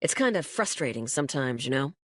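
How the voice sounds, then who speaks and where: A woman voicing an odd young man who claims to be a seer and talks in halting, casual questions. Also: extremely low pitch, big pitch swings, dry recording, studio quality, pitched below the performer's own voice, full character voice. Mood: earnest.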